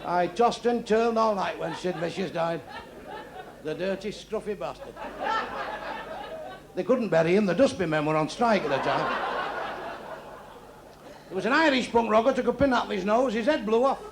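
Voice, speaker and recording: A male stand-up comedian, telling crude jokes bluntly and with deadpan timing. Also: sits high, normal speed, gravelly, long pauses. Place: comedy club with a live audience. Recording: echoey club recording with crowd noise.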